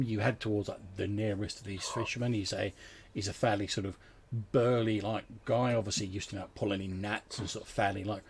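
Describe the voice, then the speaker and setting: A man's voice: fairly low pitch, vocal fry, slight background noise. A man narrating a tabletop game as game master, describing scenes in a rambling way with many fillers.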